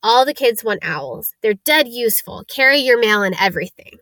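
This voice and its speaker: A woman's voice: a little high, lively intonation, moderate pace, sharp tone, dry recording. A woman reading as Hagrid, blunt and homely. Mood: chatty. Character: big gruff kindly man, gamekeeper. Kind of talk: read-aloud storybook voice.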